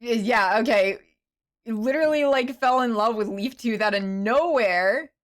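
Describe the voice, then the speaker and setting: A woman streaming a game, chatting casually and rambling with many fillers and restarts, with excited bursts and soft, muttered asides. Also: fairly high pitch, a little slow. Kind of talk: casual live-stream chatter while playing.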